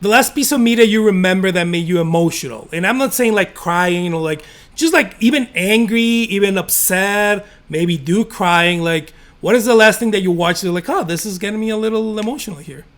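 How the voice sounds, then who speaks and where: A man's voice: high-pitched, a little fast, few pauses, fairly bright tone. A man in his forties hosting an interview, asking questions in an enthusiastic, chatty way over a video call. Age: 40s. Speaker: interviewer, host.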